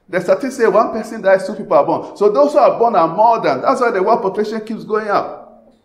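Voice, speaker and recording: In a spacious-sounding recording, a high-pitched man from Ghana preaches as a pastor. He shifts back and forth from fervent, booming passages to soft, imploring ones.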